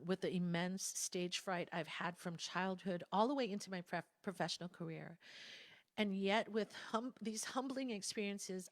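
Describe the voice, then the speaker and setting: A woman speaking at a spiritual gathering, telling a candid personal story in a reflective, conversational way with soft asides. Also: on the low side, no echo. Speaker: guest speaker.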